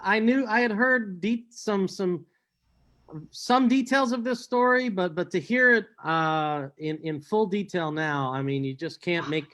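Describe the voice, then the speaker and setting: A woman co-host reacting excitedly in a casual interview chat. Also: medium pitch, measured pace.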